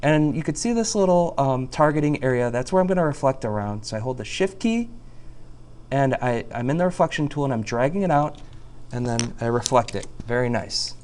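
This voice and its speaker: A man teaching a software tutorial over a screen recording, chatty and jokey, talking through each click. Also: medium pitch, expressive, brisk, a little hiss or hum.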